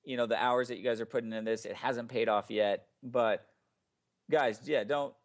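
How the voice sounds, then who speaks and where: A man talks as a podcast guest in a loose, casual way, circling his point with plenty of "like" and false starts. His pitch sits in the middle of the male range. The tone is relaxed and conversational. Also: normal speed. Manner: rambling, lots of "like" and restarts. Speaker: podcast guest, ministry founder.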